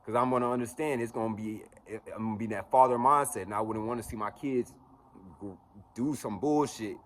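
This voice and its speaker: A man's voice: mid-range voice, a little fast. A man in his twenties giving a blunt, profane motivational monologue as a vlogger. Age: 20s. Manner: blunt, profane, preachy pep talk.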